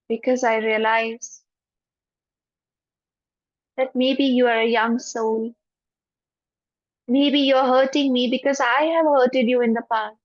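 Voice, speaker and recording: A woman with an Indian English accent, a spiritual teacher leading an online class and a guided forgiveness meditation in a gentle, soothing voice. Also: high voice, no room sound. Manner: gentle, soothing, repeats phrases slowly. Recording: dull, dry lo-fi audio.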